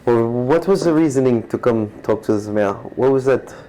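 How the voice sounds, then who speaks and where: A man's voice: mid-range voice, moderate pace, dark tone, low-quality recording. A man playing a tabletop game, talking in a casual, bantering way. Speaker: player.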